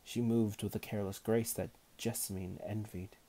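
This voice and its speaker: A man reading a novel aloud as narrator in a measured, unhurried manner. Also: lowish voice, fairly even intonation, mellow. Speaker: audiobook narrator.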